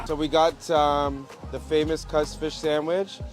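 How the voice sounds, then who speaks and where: A man's voice: on the high side, animated, takes it slowly. A man vlogging a food tasting, talking in a playful, chatty way. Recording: loud music and crowd behind.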